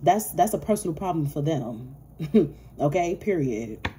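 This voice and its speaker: Low mellow-voiced woman doing a tarot reading, aave, cussing and laughing a lot. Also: sing-song, a little slow, a little hiss or hum. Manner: profane, laughing, playful hype-talk. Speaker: tarot reader. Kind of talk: casual tarot reading monologue.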